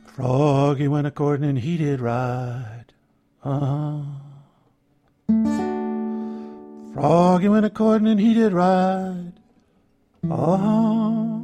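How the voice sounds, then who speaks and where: A man's voice: fairly high pitch, fairly even intonation, extremely slow, pauses often, music in the background. A man reading the lines of a white-haired elderly male poet in a sing-song voice, reciting verse and singing a folk tune. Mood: crooning.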